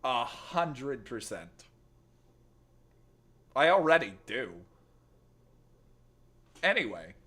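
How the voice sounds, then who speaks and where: Man, gaming streamer, teasing banter, swoopy lively pitch, sharp bright tone. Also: extremely slow, pauses often. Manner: joking, teasing banter with chat; playful put-on accent that keeps slipping. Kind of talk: casual live-stream chat.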